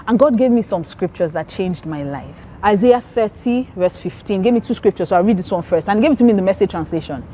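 Woman preaching an animated testimony. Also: mid-range voice, fast, hardly any pauses, a little hiss or hum. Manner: animated storytelling, acting out quoted voices. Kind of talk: testimony sermon.

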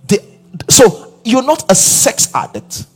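A man preaching a sermon, asking the congregation questions and building to emphatic shouts. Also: very high-pitched, wildly swooping pitch, slow, slightly rough, faint music behind. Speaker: pastor.

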